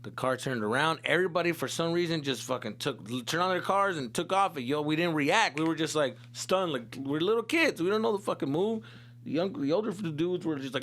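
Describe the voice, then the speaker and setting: A male comedian hosting a podcast, telling a story in an animated, profane way and mixing in Spanish slang. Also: mid-range voice, a little fast, slight background noise.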